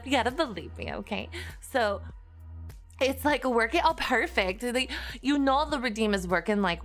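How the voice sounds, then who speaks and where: A woman streamer putting on a ditzy, gushing Valley Girl voice, her own voice a little rough from just waking up. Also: mid-range voice, fairly bright tone, close to an everyday voice. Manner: gushing, peppered with "like" and "oh my God". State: slightly rough just-woke-up voice.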